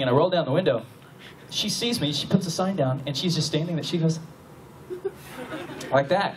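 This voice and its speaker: A man's voice: medium pitch, brisk. A man from the American South telling a comic story to a convention audience, laughing often and acting out his own panic. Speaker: convention panel guest. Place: large hotel convention room with live audience. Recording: distant audience recording, loud crowd and noise.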